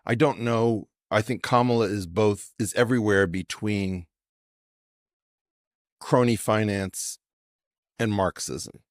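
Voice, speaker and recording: A man's voice: fairly low pitch, takes it slowly, pauses often, dry recording, studio quality. A man speaking as a podcast guest in an assertive, professorial way, challenging his host with pointed questions. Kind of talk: conversational podcast discussion.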